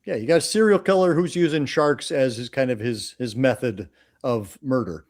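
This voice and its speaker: A man hosting a casual horror movie podcast, chatty and explaining plots with quick asides. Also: medium pitch, darkish tone. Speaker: podcast host. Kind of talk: casual chat.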